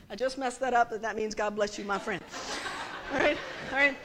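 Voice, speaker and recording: A woman preaching a sermon, telling a story in a chatty, animated way and laughing with the congregation. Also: on the high side, moderate pace. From United States.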